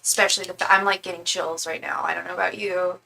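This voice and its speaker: A woman's voice: little pitch movement, fast talker, gravelly, sharp tone, recorded from a distance, low-quality recording. Chatty young woman reading tarot live. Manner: chatty, rambling, repeats invocations in a low murmur. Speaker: tarot reader. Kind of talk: live-stream tarot reading, casual chat.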